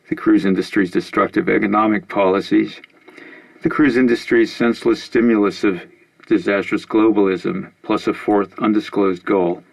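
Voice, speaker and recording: A man reading out a female news anchor's broadcast of a militant group's statement, in a loud, formal, declaiming manner. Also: lowish voice, gravelly, poor audio.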